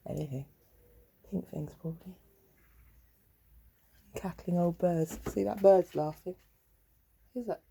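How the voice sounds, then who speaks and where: A woman vlogger in a rambling casual monologue, chuckling often and bickering with herself, with a gravelly voice. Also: lowish voice, measured pace, pauses often, mellow.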